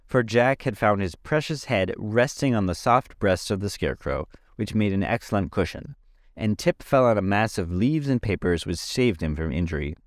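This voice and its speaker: A man's voice: lowish voice, animated, moderate pace, no echo, studio quality. A man giving an amateur audiobook reading of a children's story, plain and dotted with 'uh' fillers. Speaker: podcast reader.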